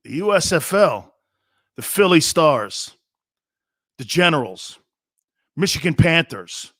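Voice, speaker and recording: This is a man in his fifties hosting a sports radio show. He rants about the game in a blunt, heated way, often stops to repeat himself, and speaks a little higher than most men. The recording is dry and close, with no room sound. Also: sing-song, slow, fairly bright tone, no room sound. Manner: blunt, fired-up storytelling with frequent repeats and asides. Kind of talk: opinionated talk-show monologue.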